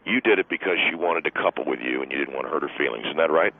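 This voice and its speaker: A man's voice: extremely low pitch, racing, voice pushed down. A man voicing an irritable middle-aged football coach who rants indignantly about wives at games, heard over a phone line. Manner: blustering, indignant ranting.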